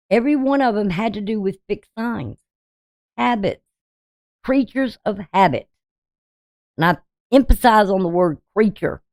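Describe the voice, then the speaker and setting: A woman's voice: on the high side, darkish tone, dry recording, studio quality. A woman astrologer giving a forecast in an emphatic, preachy way, firing off rhetorical questions at her viewers. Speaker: astrologer and tarot reader.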